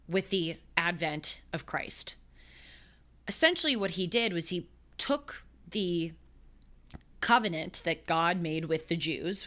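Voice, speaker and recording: Earnest young woman, slightly low voice. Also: a bit bright. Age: 20s. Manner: earnest, thoughtful, restarts phrases mid-thought. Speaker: show host. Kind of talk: talk show commentary on scripture.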